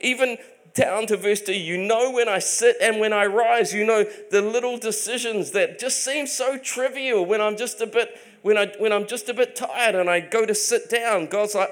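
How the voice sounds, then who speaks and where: A preacher with a notably high voice for a man talks through a sermon like a conversation. He stumbles over repeated starts and slips into casual asides in God's voice. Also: moderate pace. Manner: many repeated restarts.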